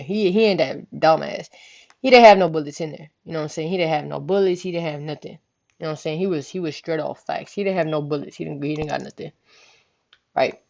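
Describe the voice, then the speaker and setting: A woman's voice: low-pitched, brisk, vocal fry. Young woman telling a wild story, lo-fi. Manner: animated, profane, slangy retelling. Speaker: vlogger. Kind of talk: casual storytelling. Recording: dull lo-fi recording.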